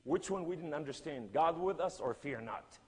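Husky preacher man in a reverberant hall. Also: fairly high pitch, expressive, normal speed. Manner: emphatic, with big swings between loud cries and hushed lines; non-native English grammar. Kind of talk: sermon storytelling.

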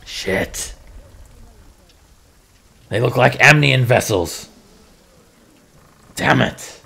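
A man voicing a gruff male sea captain who mutters curses and grim plans. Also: drawn-out words, sharp tone, full character voice. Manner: grim, swearing, low and muttering.

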